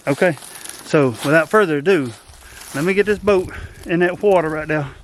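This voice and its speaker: Man, slightly high voice, folksy rambling, out of breath, outdoors by a creek, camera on a stand, faint background noise. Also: normal speed. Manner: rambling, folksy, self-deprecating. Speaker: outdoors vlogger. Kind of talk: casual outdoor vlog chat. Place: outdoors by a swampy creek, in a boat. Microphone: camera set up nearby.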